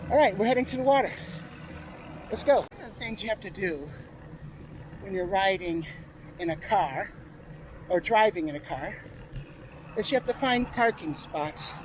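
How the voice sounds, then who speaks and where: A man's voice: sits high, lively intonation, moderate pace, pauses often, low-quality recording. Chatty man vlogging from his bike. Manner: chatty, narrating as he rides. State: out of breath at times. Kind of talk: casual talk while cycling. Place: outdoors on a bike. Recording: loud outdoor noise.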